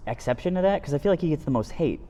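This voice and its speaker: A man co-hosting a podcast in casual chat, excitable and profane. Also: a little high, rapid-fire, long reverb tail. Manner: excitable, profane, laughs a lot. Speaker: podcast co-host.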